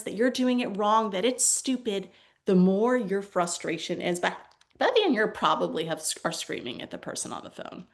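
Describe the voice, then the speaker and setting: Young woman workshop presenter, conversational, acts out dialogue in anecdotes. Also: medium pitch. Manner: animated storytelling, acts out quoted lines. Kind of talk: conversational teaching talk.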